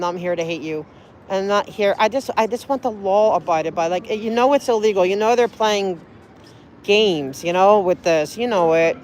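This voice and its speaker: Woman rambling on a street livestream, earnest and pleading, mid-pitched, a bit of traffic noise behind. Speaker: livestreaming auditor. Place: outdoors on a city street.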